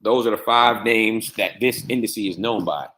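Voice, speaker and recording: A man with a fairly low voice walks through a software setup. He repeats key steps and spells out letters one by one. His voice echoes around the room. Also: normal speed, a little hiss or hum. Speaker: trading software instructor. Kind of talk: screen-share tutorial walkthrough.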